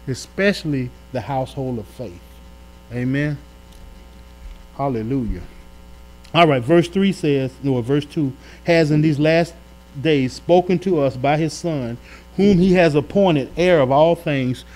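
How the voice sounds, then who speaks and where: A man pastor preaching a sermon in a colloquial, call-and-response manner, shifting between loud emphatic swells and quiet asides. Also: a little high, poor audio. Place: church during a live-streamed Bible study.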